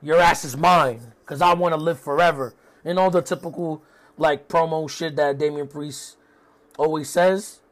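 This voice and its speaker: A young man with a fairly high voice talks through a wrestling episode in a casual recap. He keeps it loose and full of swearing, with many fillers along the way. His tone is offhand, as if chatting to a friend. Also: fairly even intonation, moderate pace. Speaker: wrestling show reviewer.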